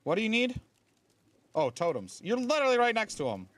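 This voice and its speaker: A man's voice: sits high, huge pitch swings, a little fast, fairly bright tone, slight background noise. A man streaming a game, explaining game mechanics in a chatty way with lots of fillers. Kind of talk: casual live-stream commentary.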